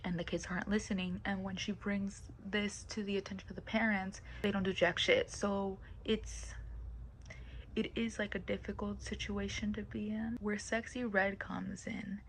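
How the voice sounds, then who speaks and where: A woman rambling casually into her camera as a vlogger, blunt and quick to swear. She keeps slipping into hushed, whispered asides. A faint hiss sits under her voice. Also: medium pitch, little pitch movement, low-quality recording. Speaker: commentary vlogger.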